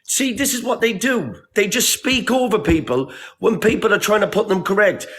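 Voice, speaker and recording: A man's voice: sits high, moderate pace, a bit bright. A man calling into a live stream, angrily confronting another caller and swearing. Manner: angry, swearing. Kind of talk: angry argument.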